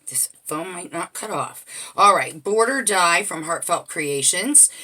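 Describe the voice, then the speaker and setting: A woman with a bright, clear tone and a slightly low voice gives a casual show-and-tell of her craft album. She talks in a chatty way, naming each detail as she turns the pages. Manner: chatty, walking through each page item by item. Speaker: crafter showing a handmade album.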